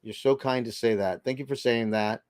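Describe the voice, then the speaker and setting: A man's voice: medium pitch, steady tone, moderate pace, a little mellow, no echo, clean studio sound. An older man hosting a casual livestream, chatting loosely and reading viewer comments aloud. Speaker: livestream host reading chat.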